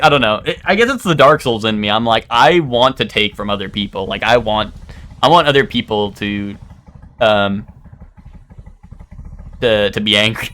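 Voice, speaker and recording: Rambling, animated young male streamer. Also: mid-range voice, smooth. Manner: rambling, animated, bursts into loud outbursts. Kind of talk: casual live-stream chat.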